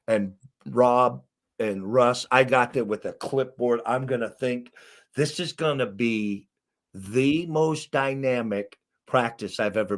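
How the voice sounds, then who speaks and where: Animated middle-aged coach telling stories. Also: male voice, mid-range voice. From Arkansas, USA. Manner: emphatic, animated storyteller who acts out quotes. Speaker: basketball coach, guest. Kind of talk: storytelling in an interview.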